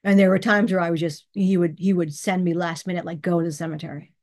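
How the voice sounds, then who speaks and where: A woman's voice: on the low side, fairly even intonation, fast, darkish tone. A woman hosting her own channel, telling a personal story in a chatty, casual way, laughing often and acting out the dialogue. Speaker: channel host. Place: bedroom.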